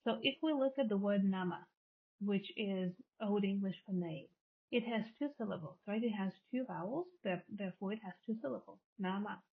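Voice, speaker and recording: A woman's voice: mid-range voice, a little fast, breathy edge. Female lecturer, patient explainer who restates each term; narrow phone-like recording. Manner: explanatory, repeats and rephrases terms. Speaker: linguistics lecturer. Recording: tinny phone-like audio.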